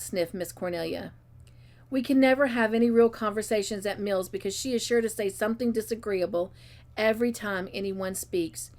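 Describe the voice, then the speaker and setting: A woman reading a classic novel aloud, giving the characters expressive voices. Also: mid-range voice. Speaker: storybook reader.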